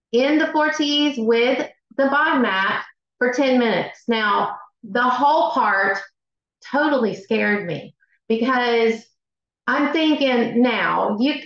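Middle-aged woman, Southern accent, excitable cooking host, dull lo-fi recording. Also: fairly high pitch. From Southern United States. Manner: chatty and excitable, many ums, says y'all. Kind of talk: live cooking demonstration. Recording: echoey room, dull lo-fi sound.

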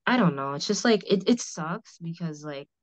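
A woman's voice: fairly low pitch, lively intonation, normal speed, no echo. A woman hosting a podcast, talking frankly and rambling with lots of "like" fillers. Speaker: podcast host. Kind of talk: candid conversational discussion. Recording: slightly muffled audio.

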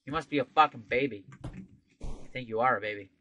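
A man giving casual, profane game commentary, swinging into sudden loud outbursts. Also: medium pitch, fairly quick, a little hiss or hum. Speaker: gameplay commentator.

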